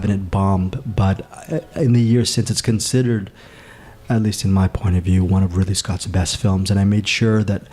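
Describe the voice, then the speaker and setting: A man with a fairly low voice hosts a casual podcast. He rambles through film facts and dates, backing up and correcting himself as he goes. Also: darkish tone. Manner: rambling, trivia-heavy, self-correcting. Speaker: podcast host.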